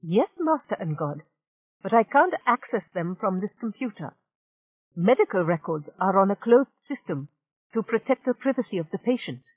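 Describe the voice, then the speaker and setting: A woman's voice: mid-range voice, sing-song, normal speed, no echo, narrow, tinny audio. A woman voicing a submissive male doctor who answers carefully and deferentially.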